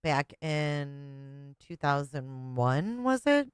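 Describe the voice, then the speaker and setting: A woman's voice: deep voice, very animated, very slow, smooth, no room sound. A woman hosting a live stream, giving blunt, sarcastic commentary and swearing casually. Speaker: host. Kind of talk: live commentary over a played clip.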